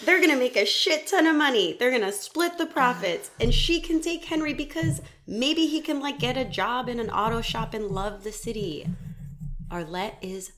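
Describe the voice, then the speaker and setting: With a slightly high voice at a moderate pace, a woman hosting a podcast chats casually through a true crime story. She's animated, laughs frequently, and swears without restraint.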